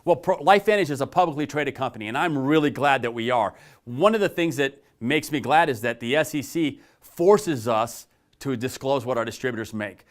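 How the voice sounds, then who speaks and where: A middle-aged man delivers a sales pitch with emphatic conviction. His voice sits at an ordinary male pitch, and he keeps leaning on repeated rhetorical questions to drive each point home. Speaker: network marketing presenter. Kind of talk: persuasive sales pitch to camera.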